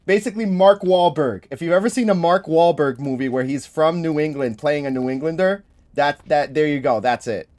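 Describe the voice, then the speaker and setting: A man with a Boston accent hosting a gaming livestream, chatting in an animated, joking way. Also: on the high side, brisk, hardly any pauses. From Boston area. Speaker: livestream host. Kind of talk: casual chat.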